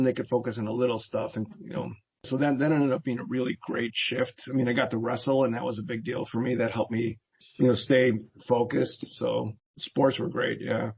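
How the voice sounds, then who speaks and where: Husky middle-aged man telling stories. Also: medium pitch. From United States. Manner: relaxed storyteller who laughs often and acts out quoted voices. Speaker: interview guest, veteran and therapist. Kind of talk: casual storytelling. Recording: dull lo-fi audio.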